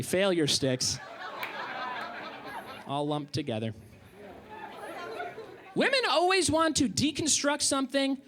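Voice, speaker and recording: A sarcastic male comic on stage talks in a high, sing-song voice that swings widely. A faint crowd murmurs behind him. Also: fairly bright tone. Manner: sarcastic, incredulous. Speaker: stand-up comedian. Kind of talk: stand-up comedy. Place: comedy club stage.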